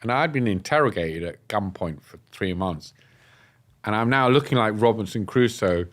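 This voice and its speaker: Man from England, low-pitched, casual storytelling, animated, quotes voices. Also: moderate pace. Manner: animated, acts out quoted dialogue. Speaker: guest telling his story. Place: podcast studio.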